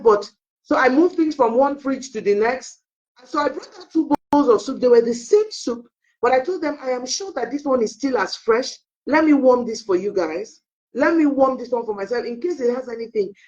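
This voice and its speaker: A woman's voice: on the high side, a little fast. A middle-aged woman, a parenting coach, telling family stories on a live online talk and acting out the dialogue. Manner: animated storyteller who acts out quoted dialogue. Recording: dull lo-fi audio.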